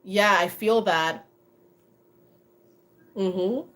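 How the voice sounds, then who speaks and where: A woman talking casually to her viewers on a livestream, chatty and animated, often laughing and dropping in "you know.". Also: medium pitch, very slow. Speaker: motivational vlogger.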